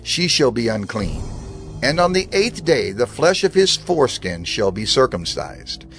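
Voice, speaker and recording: A man giving a measured, expressive scripted narration of scripture. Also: mid-range voice, vocal fry.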